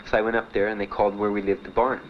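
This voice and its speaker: A man being interviewed about his time in the service, telling his story in a halting, plainspoken way with many fillers. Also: lowish voice, little pitch movement. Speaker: veteran interviewee. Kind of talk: documentary interview. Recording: dull archival recording with faint hiss.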